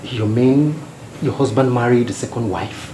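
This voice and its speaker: A man's voice: medium pitch, moderate pace, mellow, a little hiss or hum, natural voice. A man with a Nigerian accent playing a doctor who consoles a patient and urges her to pray. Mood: reassuring. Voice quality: reassuring, preachy. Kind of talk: Nollywood film acting. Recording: roomy film sound with music.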